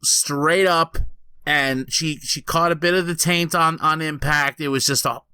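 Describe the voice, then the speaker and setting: A man's voice: on the high side, unhurried, clean tone, dry recording. A man co-hosting a podcast, telling a story casually with lots of swearing. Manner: profane, animated storytelling. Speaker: podcast co-host.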